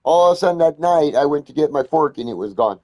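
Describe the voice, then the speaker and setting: A man telling a heated story in casual conversation, swearing constantly and getting loud when he retells arguments. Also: a little high, expressive, fast talker.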